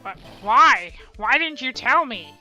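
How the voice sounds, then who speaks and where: A woman doing a bumbling young male police detective who stammers through every answer and keeps saying ma'am. The voice is very bright and sharp, the delivery slow and halting, with faint game music underneath. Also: sits high, expressive, dull audio, exaggerated voice. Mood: alarmed. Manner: stammering, deferential, calls others ma'am and sir.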